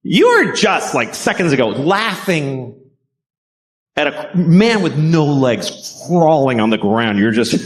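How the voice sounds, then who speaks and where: This comic talks at a slow pace, cursing openly through his set, with deadpan asides and outbursts that suddenly jump high in pitch.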